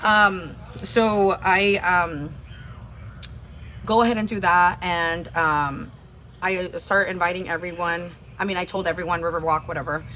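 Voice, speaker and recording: A woman's voice: lowish voice, steady tone, unhurried, bright, forceful tone, a little hiss or hum. Rambling woman telling a story. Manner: rambling, heavy on filler words. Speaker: livestream host telling a story. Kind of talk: casual storytelling.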